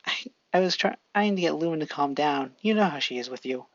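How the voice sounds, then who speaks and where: A storyteller voicing an excited teenage girl singer who teases her friend and stammers when nervous. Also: mid-range voice, fairly quick, dry recording, dull audio, close to an everyday voice. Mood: cheerful. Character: excited teen girl singer, shy but teasing.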